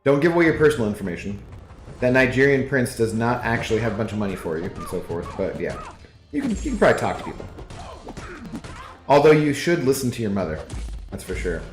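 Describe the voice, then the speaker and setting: A relaxed male streamer talks through his game and answers chat in loose, wandering asides. His mid-pitched voice carries a roomy echo, with faint music playing underneath. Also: fast talker, long pauses. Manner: laid-back, rambling, reads chat aloud. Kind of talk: casual live-stream chat while gaming. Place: apartment living room.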